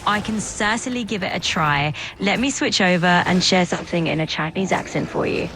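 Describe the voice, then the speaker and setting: A woman's voice: fairly low pitch, fairly quick, fairly bright tone, a little hiss or hum. A text-to-speech woman's voice as an AI assistant, cheerful and agreeable, sometimes slurring its words. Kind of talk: upbeat chatbot replies.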